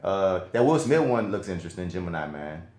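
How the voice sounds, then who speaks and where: A man co-hosting a podcast, chatting casually about movies in an animated, slangy way. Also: sits low, a little fast. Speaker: podcast co-host. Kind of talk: casual movie review chat. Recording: roomy echo.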